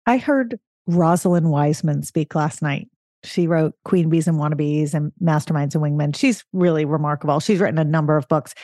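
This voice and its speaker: Woman podcast cohost, lowish voice, thoughtful, explains stuff, dry studio sound. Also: normal speed, warm tone, no echo. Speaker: podcast co-host. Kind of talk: casual parenting discussion.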